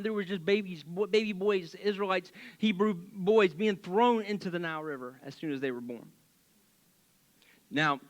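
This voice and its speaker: A man preaching as a pastor in a church, telling a Bible story casually with jokes and acted-out voices. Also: high-pitched. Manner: animated, joking, acts out voices.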